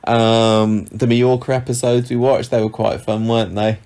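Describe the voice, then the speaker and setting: A man's voice: medium pitch, little pitch movement, moderate pace, a little mellow, clean tone. A man co-hosting a podcast in casual chat, hesitant and full of restarts. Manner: hesitant, with many restarts and fillers. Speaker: podcast co-host.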